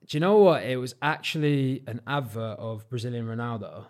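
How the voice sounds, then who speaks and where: A young man from Cornwall with a southern English accent, telling stories as a podcast guest in a relaxed, modest way with plenty of fillers. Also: mid-range voice, a little fast. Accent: southern English, not Cornish. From Cornwall, England. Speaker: podcast guest, football freestyler. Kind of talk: casual chat.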